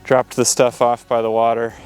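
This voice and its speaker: A man's voice: mid-range voice, monotone, normal speed, a little mellow, faint music behind. A man vlogging outdoors on windy tundra as a wildlife photographer, enthusiastic and rambling, with lots of fillers and a bit out of breath. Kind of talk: casual vlog to camera.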